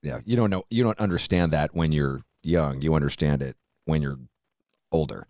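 A deep-voiced man hosts a loose, casual podcast. He chimes in with eager, profane reactions. The sound is close and dry, with no room around it. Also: a little mellow, dry recording. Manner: enthusiastic, swears freely, quick to laugh. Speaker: podcast host. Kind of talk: casual chat.

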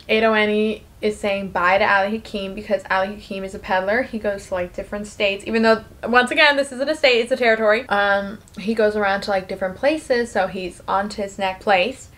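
Fast-chatting young woman with a high voice. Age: young adult. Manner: chatty, fast, acts out the lines with quick put-on voices. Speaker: vlogger recapping a musical. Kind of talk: casual recap while eating.

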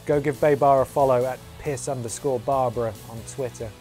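A man's voice: mid-range voice, steady tone, brisk, darkish tone, soft background music. A man streaming a wrestling game, calling the action as mock commentary with a playful, jokey manner. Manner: playful, jokey, breaks into humming and sound effects.

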